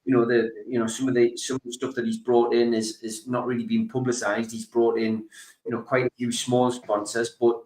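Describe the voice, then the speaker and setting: Chatty podcast host in an echoey room. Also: male voice, mid-range voice, fairly quick. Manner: relaxed, reads out chat comments with many fillers. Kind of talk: fan podcast chat.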